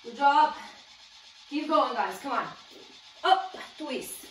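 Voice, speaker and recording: A woman's voice: high-pitched, expressive, drawn-out words, long pauses, a bit bright, roomy sound, distant mic, soft background music, poor audio. A woman fitness instructor coaching a home workout, encouraging and counting down while exercising along, a little out of breath.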